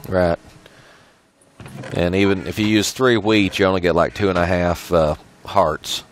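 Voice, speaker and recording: A man's voice: low voice, steady tone, unhurried, soft background music. A man hosting a casual game tour, asking easygoing questions and chuckling along. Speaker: video host.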